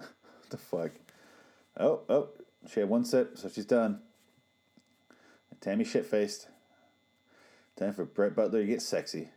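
A man's voice: lowish voice, measured pace, pauses often, warm tone, husky. A man giving casual, sarcastic and profane watch-along commentary on a TV show.

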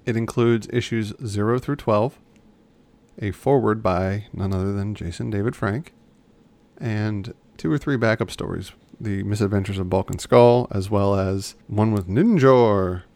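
A man's voice: on the low side, a little slow, gravelly, a little mellow. A man co-hosting a podcast in casual chat, rambling and often restarting his sentences. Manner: chatty, rambling, self-correcting. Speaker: podcast co-host.

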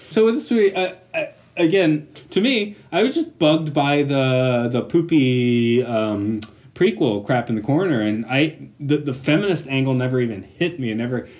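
An American man co-hosting a podcast in casual chat, loud and excitable and laughing often. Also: medium pitch, moderate pace. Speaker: podcast co-host.

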